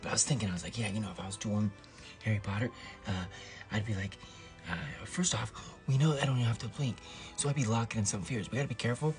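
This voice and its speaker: A young man rambling through a comic monologue to camera, fast and playful, recorded alone at home at night on a tripod camera. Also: on the low side, soft background music. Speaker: comedic vlogger.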